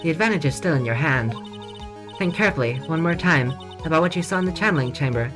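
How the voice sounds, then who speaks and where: A calm, encouraging woman lawyer from a courtroom video game, as a woman streamer voices her. She speaks softly and steadily, with faint game music behind her. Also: low voice, fast. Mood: gentle.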